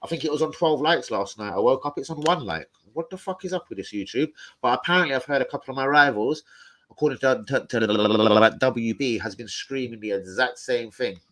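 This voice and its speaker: A man's voice: medium pitch, fairly quick, fairly bright tone. A man hosting a casual livestream, brash and joking, full of slang and swearing. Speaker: livestream host. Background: beat music playing.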